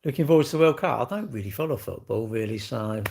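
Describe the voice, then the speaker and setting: A man's voice: medium pitch, expressive, quick pace, vocal fry, a little mellow, a little hiss or hum. Man, sixties, live-stream host, casual cheeky chat, swears now and then, laughs a lot. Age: 60s. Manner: chatty, cheeky banter, swears, laughs often. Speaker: livestream host.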